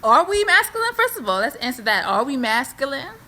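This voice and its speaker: A woman's voice: high-pitched, big pitch swings, brisk, bright, forceful tone, a little hiss or hum. Chatty young New woman host. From New York City. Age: young adult. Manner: chatty, thinking aloud. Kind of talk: casual chat.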